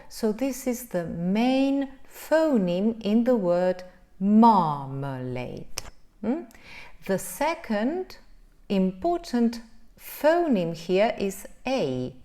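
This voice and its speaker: Very slow woman teacher. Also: on the high side, warm tone. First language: Spanish. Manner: drawn-out sounds, frequent "right?" checks. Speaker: English pronunciation teacher. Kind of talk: pronunciation lesson.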